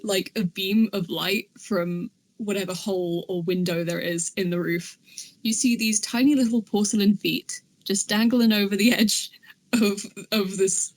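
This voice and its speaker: A woman player narrating a scene in a tabletop game, halting and searching for words. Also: mid-range voice. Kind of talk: descriptive role-play narration.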